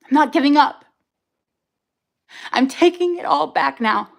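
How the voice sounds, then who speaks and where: Heard on a rough recording, a livestream host speaks unhurriedly in a high-pitched, creaky voice with lively intonation. Her emotional personal testimony comes out angry and raw, in bursts laced with cursing.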